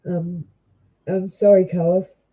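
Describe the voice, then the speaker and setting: Husky Australian woman doing live tarot readings. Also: fairly low pitch, level tone, mellow, lo-fi sound. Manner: chatty, halting, with many ums and restarts. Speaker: tarot reader. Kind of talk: live-stream card reading.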